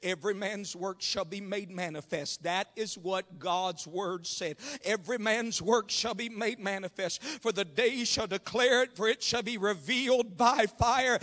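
Man, preacher, sermon, very high voice, bright, hushed then shouting, rhythmic amens. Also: long reverb tail. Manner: swings from hushed murmurs to shouted, impassioned preaching; rhythmic, with frequent amens and calls to the congregation.

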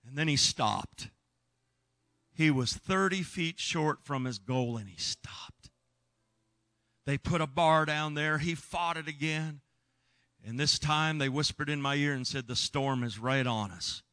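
Earnest preacher, bright voice. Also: male voice, a little high, measured pace, no room sound. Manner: earnest, emphatic, shouts when reliving moments. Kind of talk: sermon storytelling.

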